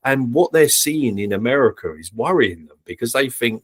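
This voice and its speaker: A man's voice: mid-range voice, lively intonation, moderate pace, hardly any pauses, breathy edge, no echo. A man chatting on a podcast panel in a wry, teasing way. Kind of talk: casual discussion.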